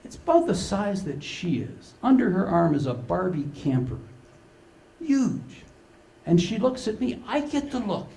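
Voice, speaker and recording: Gravelly older man telling stories. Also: sits high, a little slow. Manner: animated storyteller acting out dialogue. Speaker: conference speaker. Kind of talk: humorous keynote storytelling. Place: large conference hall with live audience. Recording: echoey conference hall.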